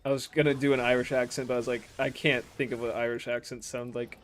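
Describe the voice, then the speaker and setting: A young man from the States chats loosely while streaming, reading messages aloud and riffing on them. His voice sits at an ordinary middle pitch, and he laughs often and swears without a second thought. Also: flat delivery, quick pace, hardly any pauses. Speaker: game streamer. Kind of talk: casual chat while reading viewer messages.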